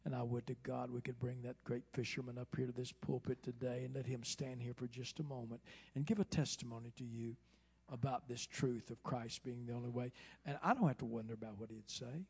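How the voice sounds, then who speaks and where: A man preaching a sermon from the pulpit of a church, who moves from quiet, hushed asides to slow, loud, soaring exclamations. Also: mid-range voice, fairly even intonation, gravelly, husky. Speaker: pastor. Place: church sanctuary.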